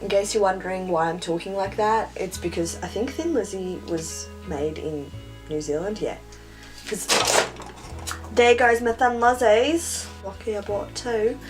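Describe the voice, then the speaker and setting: A woman's voice: medium pitch, normal speed, over music. Chatty young woman vlogger. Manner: chatty, self-mocking, slangy. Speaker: beauty vlogger. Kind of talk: casual makeup tutorial chat.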